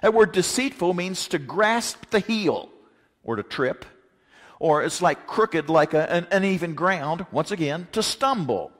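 A man preaching a sermon in a folksy, joking, animated way, mixing stories with scripture. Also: sits high, a little slow. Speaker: pastor. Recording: long hall reverb.

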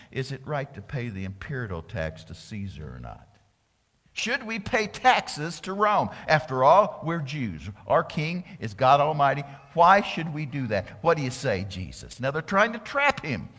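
A male pastor preaches with a lively, swooping delivery, acting out the voices of the people in his story. His voice sits a little high for a man. It rings with long reverb, as in a large hall. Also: unhurried. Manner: animated preaching, acts out voices of crowds and priests. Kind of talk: sermon.

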